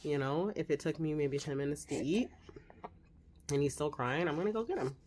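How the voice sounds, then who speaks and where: A woman's voice: sits low, a little fast, a little mellow. Candid mom in her forties, chatting casually. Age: 40s. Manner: chatty, candid, tender baby-talk asides. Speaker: mom vlogger. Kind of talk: casual vlog chat. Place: home, seated with her baby.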